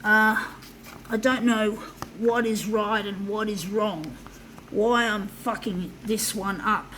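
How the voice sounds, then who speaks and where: Hot, sweaty and shaking, a woman vlogger demonstrates a craft and vents to viewers she calls folks, swearing often in a frustrated, casual monologue. Her medium-pitched voice is slow, fairly even and a bit bright. The audio is poor, with some hiss or hum.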